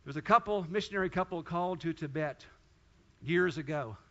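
A man's voice: on the high side, fairly quick, fairly bright tone, dull audio. A man pastor preaching a sermon, telling a story and then rising into fervent, pleading prayer.

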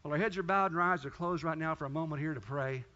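Preacher guy, high bright voice, storytelling then fervent praying, kinda dull lo-fi recording. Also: quick pace. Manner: storytelling preacher, builds to fervent pleading prayer. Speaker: pastor. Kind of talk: sermon with closing prayer.

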